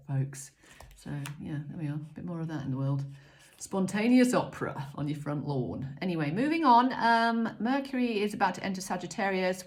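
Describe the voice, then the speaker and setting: A middle-aged woman giving a casual spiritual card reading, gentle and chatty with many pauses and ums. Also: low-pitched. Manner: gentle, chatty, frequent ums, self-mocking asides. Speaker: oracle card reader. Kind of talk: casual spiritual guidance talk.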